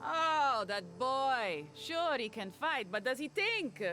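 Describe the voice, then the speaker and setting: An actress voicing a brisk, proud ranger in game character dialogue, curt and opinionated. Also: female voice, high voice, big pitch swings, sharp tone, full character voice.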